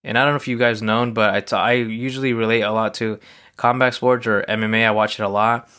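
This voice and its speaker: Smooth-voiced man rambling casually. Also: lowish voice, little pitch movement, fast, a bit bright. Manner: rambling, loose storytelling with frequent fillers. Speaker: podcast host. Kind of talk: casual solo recap monologue.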